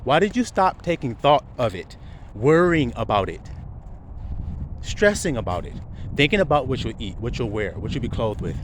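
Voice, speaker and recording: Animated male preacher, street noise behind. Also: medium pitch. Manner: animated, rhetorical questions, chuckles often. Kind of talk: sermon.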